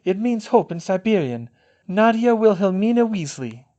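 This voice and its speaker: A man's voice: high-pitched, animated, moderate pace, muffled recording, voice pushed up. A man voicing an exhausted young mother who speaks breathlessly. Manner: breathless, soft.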